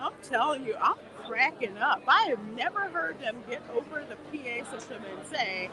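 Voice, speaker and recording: A woman's voice: high-pitched, expressive, moderate pace, few pauses. A woman hosting a casual theme park livestream, chatting and laughing with her viewers as she walks through a queue. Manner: chatty, laughing, talks back to viewer comments. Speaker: livestream host. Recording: busy crowd noise outdoors. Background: crowd chatter.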